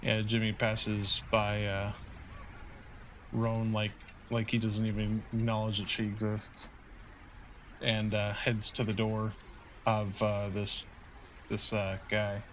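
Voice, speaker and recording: A man describing his character's actions in a tabletop game, hesitant and full of fillers, his low voice staying flat in pitch. The sound comes through a dull, lo-fi voice chat line. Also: slow, long pauses, slight background noise. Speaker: player. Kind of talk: casual tabletop play. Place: online voice call.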